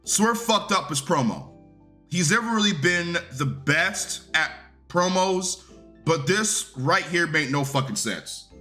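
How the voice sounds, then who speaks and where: Male wrestling reviewer, casual recap rant, blunt and profane, bright tense voice, slightly high register. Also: expressive, slow pace, soft background music.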